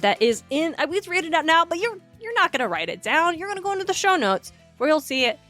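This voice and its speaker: A woman's voice: very high voice, fast talker, faint music behind. A young woman co-hosting a podcast, telling stories in a chatty way with lots of fillers. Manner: lively storyteller, chatty with many "like" fillers. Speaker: podcast co-host. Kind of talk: casual podcast chat.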